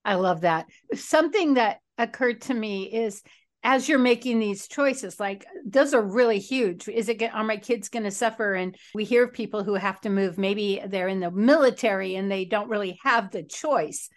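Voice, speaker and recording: A woman's voice: mid-range voice, normal speed. A woman hosting a podcast, who trains recovery coaches, asking reflective and encouraging questions in a conversational way. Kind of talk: conversational interviewing.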